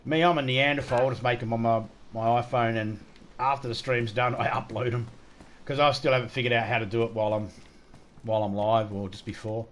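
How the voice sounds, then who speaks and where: A man's voice: mid-range voice, steady tone, fairly quick. A middle-aged man talking casually on a live game stream, with a mid-range voice. He rambles into stories, cracks jokes and curses freely as he plays. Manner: joking, heavy swearing, rambling anecdotes.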